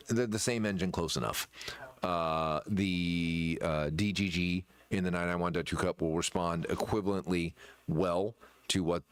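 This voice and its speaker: Man chatting casually, halting and rambling. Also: sits low, clear, resonant tone, no room sound. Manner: rambling, halting with many fillers and restarts. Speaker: shop owner presenting merchandise. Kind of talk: casual chat.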